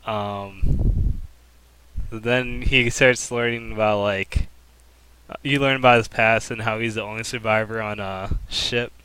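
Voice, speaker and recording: A young man co-hosts an easygoing anime chat and recaps the story at a relaxed pace. His voice is bright and smooth. The sound is dry and close. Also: on the low side, takes it slowly, no echo, low-quality recording. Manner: laid-back, recaps the plot. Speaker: podcast co-host. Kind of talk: casual anime review chat.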